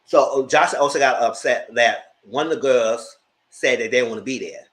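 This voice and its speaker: A man's voice: medium pitch, a little fast. A man co-hosting a casual live review, chatting through a TV episode and acting out scenes. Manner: animated, reenacts scenes in quoted voices. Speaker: TV review co-host.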